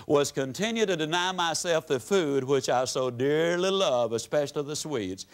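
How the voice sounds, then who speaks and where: An older man gives a motivational seminar talk to a live audience, telling stories with emphatic, drawn-out pauses. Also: a little high, clear, resonant tone. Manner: folksy, storytelling, emphatic with dramatic pauses. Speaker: motivational speaker.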